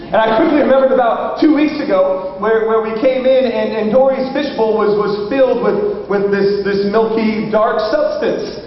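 A man with a rather high voice preaches a sermon and tells stories animatedly, acting out the lines of the people in them. The recording is dull and muffled, picked up from a distance. A long reverb fills the large hall around him. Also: normal speed, few pauses, slight background noise. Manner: animated storyteller who acts out family dialogue. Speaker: pastor. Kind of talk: sermon with storytelling.

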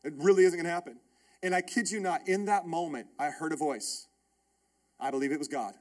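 A thirtysomething pastor, his voice fairly high and his speech fairly quick, preaches a sermon anchored in a personal story. He stays animated and emphatic throughout, repeating key phrases.

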